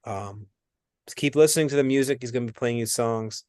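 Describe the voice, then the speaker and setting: A man working as a medium, giving a reading in a rambling, animated way that often interrupts itself. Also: mid-range voice, a little fast, clean tone, dry recording, studio quality. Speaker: psychic medium. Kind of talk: spirit reading conversation.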